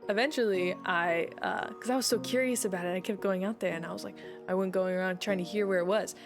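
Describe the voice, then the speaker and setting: Woman streamer rambling along, lots of ums and giggles, middle pitch, soft music behind. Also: fairly even intonation, quick pace. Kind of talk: casual stream chat.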